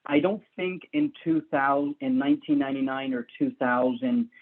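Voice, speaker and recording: Husky man telling stories on a phone line. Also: fairly high pitch, big pitch swings, moderate pace. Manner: rambling, laughs often, restarts sentences. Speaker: guest. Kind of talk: casual storytelling.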